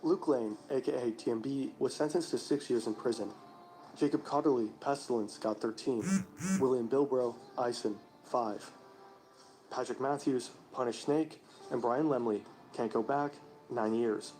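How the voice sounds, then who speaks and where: A male narrator reading a scripted documentary narration in a measured, even delivery. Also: mid-range voice, faint music behind, low-quality recording.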